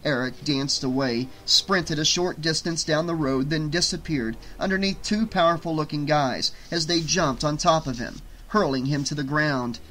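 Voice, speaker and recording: A man reading a novel aloud as an audiobook narrator, at a steady, even pace. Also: a little high, normal speed, hardly any pauses, a little hiss or hum, rough recording. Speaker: audiobook reader.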